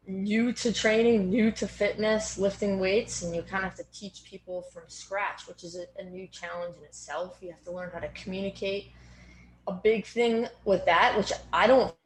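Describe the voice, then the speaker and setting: A woman in her thirties with a Boston accent, a strength coach talking earnestly as an interview guest, with plenty of fillers. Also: medium pitch. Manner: earnest, organized, frequent fillers. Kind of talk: casual interview conversation. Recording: roomy echo with faint background noise.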